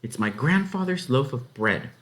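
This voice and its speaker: Man playing a polite young girl in a storybook, earnest, a bit higher. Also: animated, normal speed, fairly bright tone, lightly acted.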